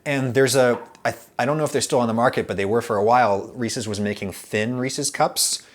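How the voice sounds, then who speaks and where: A man's voice: mid-range voice, a little fast, slight background noise. Rambling man, casual chat. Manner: rambling, animated, many fillers and restarts. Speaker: food YouTube host.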